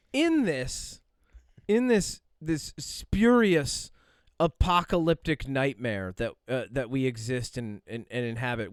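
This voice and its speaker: A man's voice: medium pitch, clear, resonant tone, dry recording, clean studio sound. A man co-hosting a podcast in casual chat, rambling and exasperated, piling up long wordy phrases. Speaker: podcast co-host.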